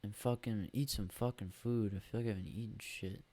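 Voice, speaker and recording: A man's voice: lowish voice, steady tone, a little fast, mellow. A man hosting a solo podcast on a USB microphone, rambling and grumbling with lots of swearing. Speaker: podcast host.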